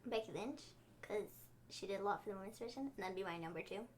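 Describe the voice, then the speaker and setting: A woman's voice: mid-range voice, expressive, quick pace, slight background noise. A woman co-hosting a casual live-stream chat, giggly and laughing often. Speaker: co-host.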